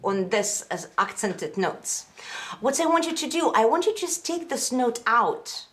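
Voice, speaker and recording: Slow-talking woman piano teacher. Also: fairly high pitch, sing-song. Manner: counts out rhythms in sung syllables, halting phrasing. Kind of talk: piano lesson. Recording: loud piano playing behind her.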